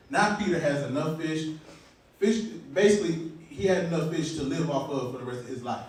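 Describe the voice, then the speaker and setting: A man preaching a sermon in a casual, halting, colloquial way, restarting words, recorded from far off in an echoey church hall. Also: fairly high pitch. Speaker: elder preaching.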